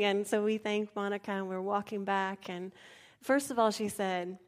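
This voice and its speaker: A middle-aged woman pastor, telling personal stories in a sermon, often dropping to a hushed voice and then rising lively. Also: fairly high pitch, moderate pace. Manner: soft, hushed storytelling that turns lively and animated. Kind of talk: storytelling sermon.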